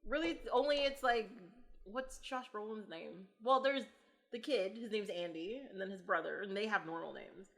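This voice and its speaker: A woman's voice: mid-range voice, normal speed. A chatty woman hosting a casual podcast about films, her voice sitting in an ordinary middle range. She laughs easily and drops into mock voices when quoting lines. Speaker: podcast host. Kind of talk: casual film chat.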